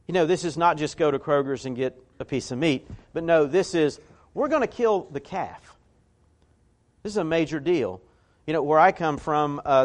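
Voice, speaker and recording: A man preaching a sermon as pastor, in a folksy, conversational way that climbs to emphatic peaks. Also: a little high.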